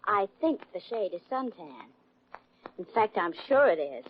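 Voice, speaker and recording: A woman's voice: mid-range voice, very animated, unhurried, a little hiss or hum. An actress playing a teasing, playfully jealous girlfriend in a 1940s radio drama. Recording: dull old radio recording.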